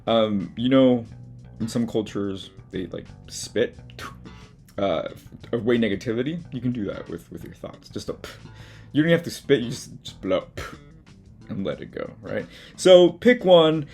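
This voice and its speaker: A man's voice: mid-range voice, lively intonation, unhurried, darkish tone, faint music behind. A man hosting his own art video, talking frankly and casually about habits to drop, with swearing and self-mocking asides, from his studio. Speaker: artist and video host. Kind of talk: casual motivational talk to camera.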